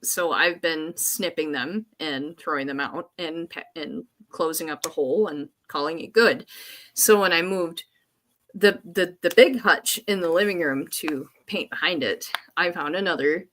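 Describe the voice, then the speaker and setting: A woman co-hosting a casual podcast chat, telling stories in an animated way and acting out her own panic. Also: fairly low pitch. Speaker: podcast co-host.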